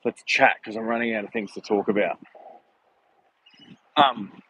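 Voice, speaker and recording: A man's voice: on the low side, measured pace, bright, forceful tone, a little hiss or hum, rough recording. A man talking casually in a rambling, chatty way while walking outdoors during a livestream vlog, filmed on a handheld phone. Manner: chatty, rambling, laughs while telling stories. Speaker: vlogger.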